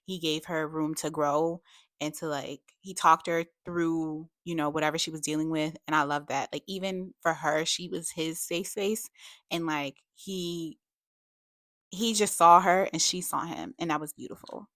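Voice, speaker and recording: A woman's voice: low-pitched, fairly even intonation, measured pace, a bit bright, dry recording, clean studio sound. A young adult woman giving a casual book review vlog, chatty and full of "like" and "you know", breaking into emphatic rants. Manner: frequent fillers like "like" and "you know".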